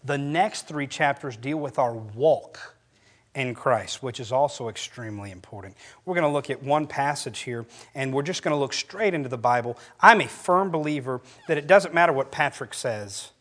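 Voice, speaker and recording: A man's voice: mid-range voice, moderate pace. A middle-aged male pastor preaching a sermon, telling stories with a voice that climbs for quoted lines. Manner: animated storytelling, voice rising for quoted lines.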